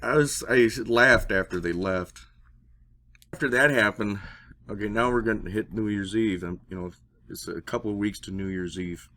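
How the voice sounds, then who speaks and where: A man telling a personal story in a casual, rambling way. He swears and gets excited when he acts out dialogue. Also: lowish voice, normal speed. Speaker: interview guest.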